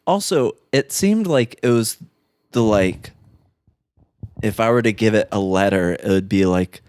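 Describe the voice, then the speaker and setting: Low-voiced man riffing on a movie. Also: a little slow, darkish tone, no room sound, clean studio sound. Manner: loose, swearing, lots of "like". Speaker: podcast co-host. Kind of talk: casual movie chat.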